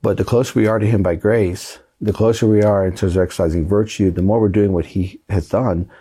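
A priest speaks as an interview guest in an earnest, reflective way. His voice is low, dark and husky. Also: fairly even intonation, a little fast. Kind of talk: interview conversation.

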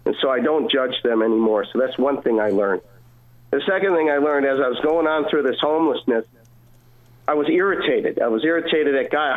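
A man's voice: mid-range voice, normal speed. A man earnestly telling a personal faith story as a caller, heard over a phone line. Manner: earnest, emotional retelling with quoted dialogue. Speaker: caller sharing testimony. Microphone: phone call.

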